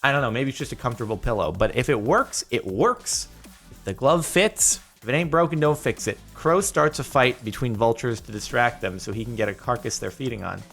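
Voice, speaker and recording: A man of middle pitch chats through a casual reaction video, laughing often. Faint music plays behind him. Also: expressive, a little fast, gravelly, a bit bright. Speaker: YouTube host.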